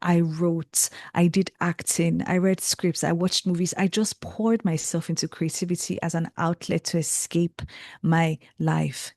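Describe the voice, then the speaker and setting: A young woman with a Nigerian accent speaks as an interview guest, earnest and reflective, with a low, gravelly voice. Her tone is dark and mellow, and the recording is dry with no room sound. She circles back and restarts phrases as she thinks aloud. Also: unhurried, no room sound. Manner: earnest, reflective, animated with frequent self-corrections. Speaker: guest, creative and tarot reader. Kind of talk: casual conversational interview.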